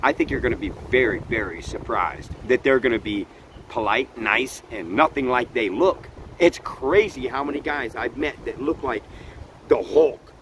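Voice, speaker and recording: A man's voice: mid-range voice, moderate pace, fairly bright tone, rough recording. Guy doing a motivational live stream outside, earnest and preachy, laughs a lot, bit of wind noise. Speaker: vlog host.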